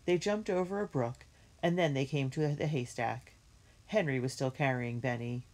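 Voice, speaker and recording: A woman reading a children's book aloud in a clear, measured storytelling manner. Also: extremely low pitch, a little mellow. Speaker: reader.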